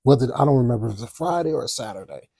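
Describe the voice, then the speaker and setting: A man hosting a podcast, casually telling a personal story in an animated way with spoken sound effects. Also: mid-range voice, racing, creaky, slightly rough, no echo, studio quality. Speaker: podcast host.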